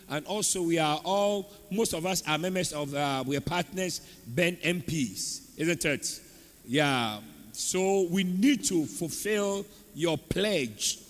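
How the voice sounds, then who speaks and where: A man preaching a sermon, his high voice swinging widely up and down. He speaks slowly and draws his words out, pausing to call for amens. The sound carries a long reverb from a large church hall. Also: a bit bright. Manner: preaching, calls for amens from the congregation. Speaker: pastor.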